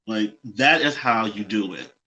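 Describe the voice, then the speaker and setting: On dull, lo-fi audio, this drag show co-host talks in an animated, somewhat slow, low-leaning voice with a pushed, bright quality. His casual chat is emphatic, with lecturing asides about history, and he laughs along with the others.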